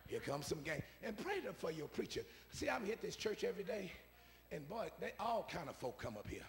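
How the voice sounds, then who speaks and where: High-voiced shouting preacher man. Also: sing-song, a little fast, vocal fry. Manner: rhythmic, repeating phrases, swings from soft asides to shouts. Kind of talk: call-and-response sermon. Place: church sanctuary. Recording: preaching in a reverberant church hall.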